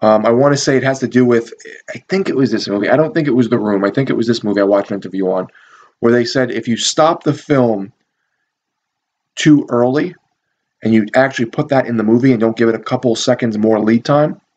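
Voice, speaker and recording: A man's voice: mid-range voice, a little fast, darkish tone, highs cut off. Rambling, profane man reviewing a movie. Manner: rambling, profane, amused, many fillers. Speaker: video reviewer. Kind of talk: casual movie review talk.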